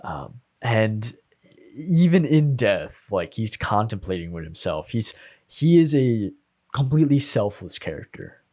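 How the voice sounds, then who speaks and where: A man's voice: on the low side, sing-song, unhurried. A man co-hosting a podcast, talking earnestly and emotionally about a favorite anime character. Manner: earnest, emotional, soft-spoken at times. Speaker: podcast co-host. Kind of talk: casual anime discussion.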